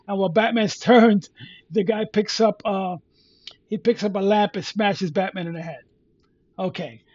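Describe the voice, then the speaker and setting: A man co-hosting a podcast, retelling a comic story in a casual, halting way with many restarts. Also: high voice, darkish tone, no room sound, dull audio. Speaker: podcast co-host.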